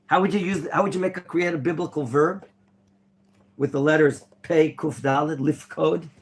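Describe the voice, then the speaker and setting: A man teaching an interactive Torah class in a classroom, quizzing his students and now and then bursting into theatrical excitement. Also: fairly high pitch, normal speed. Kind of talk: interactive Bible lesson. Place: classroom at a yeshiva.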